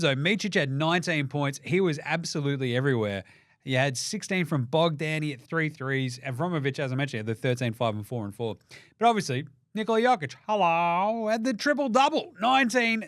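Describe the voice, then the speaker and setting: A man with an Australian accent hosting a basketball show, ranting sarcastically and swearing, dropping to mutters and then flaring into loud outbursts. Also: fairly high pitch, expressive, brisk, no room sound, clean studio sound. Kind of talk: profane sports commentary rant.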